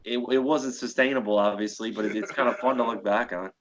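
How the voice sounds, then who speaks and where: A man's voice: on the low side, steady tone, fast, crowd noise. A man hosting a podcast, chatting in a laid-back, easygoing way about his old training days. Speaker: podcast host. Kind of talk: casual chat.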